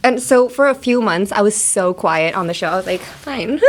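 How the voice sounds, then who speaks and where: A young woman with an American accent hosts a relaxed phrase lesson at a middle pitch. She chats freely, laughs often and drags out single sounds so they are easy to follow. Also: slight background noise. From United States. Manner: chatty, laughs often, slows down to spell out sounds. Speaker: host. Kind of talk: casual language lesson.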